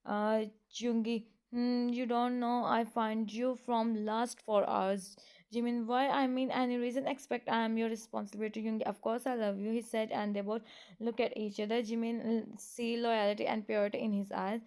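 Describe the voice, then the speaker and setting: Woman reading fan fiction aloud, halting and unpolished, slightly high and smooth voice. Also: flat delivery, a little mellow. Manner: halting, with frequent fillers and restarts. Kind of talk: casual story reading.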